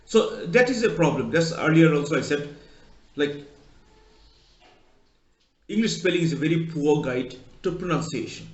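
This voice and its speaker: A man's voice: fairly high pitch, lively intonation, normal speed, pauses often. A male college lecturer explaining pronunciation, spelling words out letter by letter and telling short anecdotes. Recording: echoey room, dull lo-fi sound.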